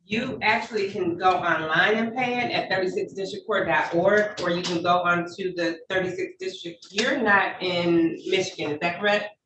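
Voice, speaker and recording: A woman judge presides over a hearing on a video call, steady and procedural in her questions. Her voice sounds roomy and set back from the microphone, with a faint hiss behind it. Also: fairly low pitch. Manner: measured, procedural, polite. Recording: echoey, distant, faint noise.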